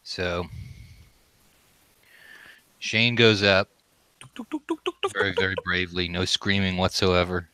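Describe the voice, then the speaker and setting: A man narrating as game master, calmly describing what the characters do step by step. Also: low voice, slow pace, long pauses, smooth, no echo. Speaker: dungeon master.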